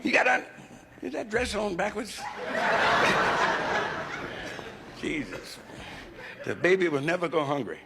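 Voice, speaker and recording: A man's voice: high-pitched, huge pitch swings, slow, long pauses. A man doing a crude, conversational stand-up routine on a nightclub stage in front of a live audience. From United States. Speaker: stand-up comedian. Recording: live club recording with hiss.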